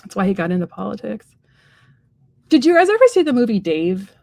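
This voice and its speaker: A woman's voice: mid-range voice, big pitch swings, brisk, gravelly, dark tone, no echo. A woman co-hosting a casual live stream, talking in a rambling, chatty way with lots of fillers and playful quoted voices. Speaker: psychic medium, stream co-host.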